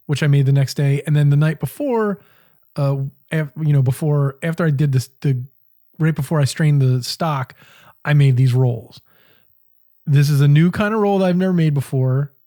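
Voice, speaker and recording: A man co-hosting a cooking school podcast, telling a story in casual chat, swearing freely and acting out what he said at the time. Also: fairly high pitch. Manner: profane, animated storytelling, quoting himself.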